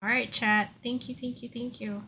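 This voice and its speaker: A woman's voice: fairly high pitch, level tone, moderate pace, sharp tone, a little hiss or hum. A woman hosting a karaoke live stream, chatting casually and laughing often.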